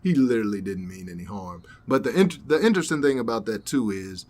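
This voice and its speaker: A young podcast co-host with a lowish voice tells a story at a quick pace in casual conversation. He's an animated storyteller who acts out the voices of the people he quotes.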